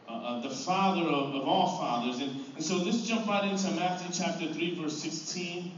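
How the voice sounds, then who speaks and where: A middle-aged man preaching a sermon as pastor, earnest, often repeating words and restarting phrases. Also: a little high. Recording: echoey room from far off, dull sound, faint noise.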